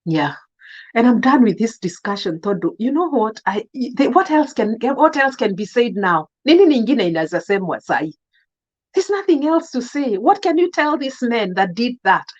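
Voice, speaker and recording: Indignant Kenyan woman, animated and lo-fi. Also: fairly high pitch, normal speed. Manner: emotional, repeating herself, switching between English and Swahili; indignant, scolding. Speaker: vlogger. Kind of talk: impassioned commentary monologue.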